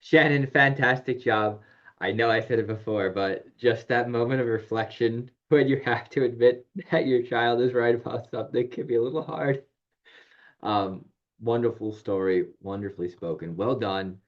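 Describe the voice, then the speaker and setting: A man's voice: medium pitch, normal speed. Male host of an online event, encouraging, a bit hesitant, on dull lo-fi call audio. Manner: encouraging, with many fillers. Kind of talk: hosting a virtual storytelling event.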